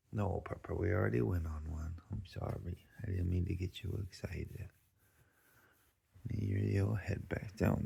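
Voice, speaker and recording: A man vlogging at home and softly cooing to his dogs in baby talk. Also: low-pitched, creaky, breathy edge. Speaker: dog owner vlogger.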